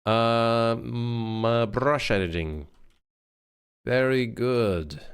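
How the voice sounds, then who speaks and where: Swearing, animated male game dev streamer. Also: on the low side, moderate pace, vocal fry. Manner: frustrated muttering and swearing at the software. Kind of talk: casual live-stream commentary while working.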